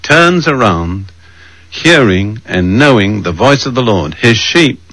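Man preaching a measured sermon. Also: on the low side, very animated, a bit bright, dry recording, poor audio. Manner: measured, emphatic, slows for quoted verses. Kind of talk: sermon, reading scripture aloud.

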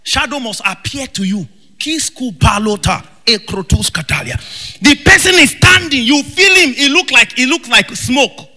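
A man preaching a fervent sermon, shouting in bursts and breaking into tongues. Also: extremely high pitch, animated, moderate pace, hardly any pauses. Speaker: pastor. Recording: long reverb with faint music.

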